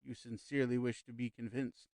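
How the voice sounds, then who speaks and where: Audiobook: man voicing a calm, smooth male medium, slow and reassuring, mid-pitched, dry close read. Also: no echo, lightly acted. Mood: persuasive. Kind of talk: audiobook character reading.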